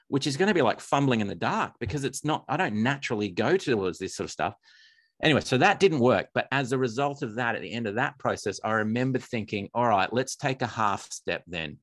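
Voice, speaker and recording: A man's voice: mid-range voice, no room sound, studio quality. An Australian man, an author being interviewed, who talks in a rambling, self-deprecating way. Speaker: author and musician guest. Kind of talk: casual interview chat.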